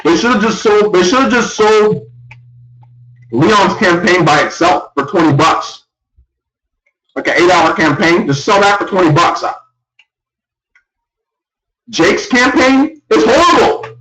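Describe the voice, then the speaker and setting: A young man ranting loudly and in exasperation on a live gaming stream. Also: expressive, a little slow, long pauses. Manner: loud, exasperated ranting with big pitch swings. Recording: echoey room, far from the mic.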